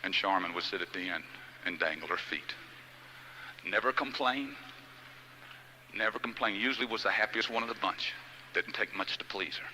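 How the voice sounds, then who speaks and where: A man's voice: fairly low pitch, moderate pace, long pauses, sharp tone, a little hiss or hum, low-quality recording. A middle-aged man giving a motivational speech, telling a personal story in a folksy, heartfelt way. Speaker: motivational speaker.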